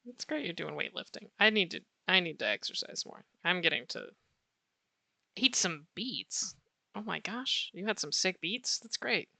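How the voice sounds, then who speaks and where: A woman with a bright, clear voice chats casually with her viewers while she sketches. She answers chat in a warm, playful way and laughs often. Her voice is close and dry, with soft clicking in the background. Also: lowish voice, sing-song, moderate pace, no room sound. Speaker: art streamer.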